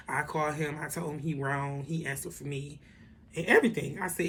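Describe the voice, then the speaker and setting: A woman telling a story in a casual vlog, animated and profane, with lots of asides to the viewers. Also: low voice, brisk, slight background noise. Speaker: vlogger.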